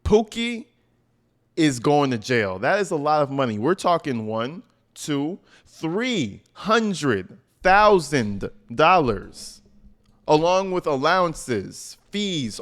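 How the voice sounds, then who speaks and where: A man giving casual video commentary, talking in a slangy, emphatic, animated way. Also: fairly high pitch, unhurried. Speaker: commentary YouTuber.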